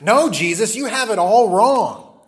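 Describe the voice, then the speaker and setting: A man's voice: medium pitch, expressive, fairly quick, fairly bright tone, reverberant, close to an everyday voice. A man voicing a boastful, impetuous disciple who protests emphatically. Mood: protesting.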